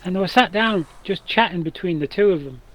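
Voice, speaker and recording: A man with a rough, damaged voice and a fairly high pitch chats casually as a streamer while gaming. He rambles through long stories, restarting sentences as he goes. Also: a little fast, fairly bright tone, poor audio. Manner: rambling, chatty storyteller with many restarts.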